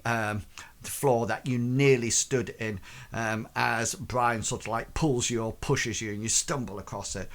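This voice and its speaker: A man narrating a tabletop game as game master, in a hesitant way with many pauses and fillers. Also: medium pitch, fairly bright tone.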